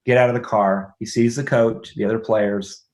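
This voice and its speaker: This middle-aged interviewee shares a family story from his own life with plenty of energy. He speaks on the low side at a moderate pace, chuckling as he talks and making sure his listener is following.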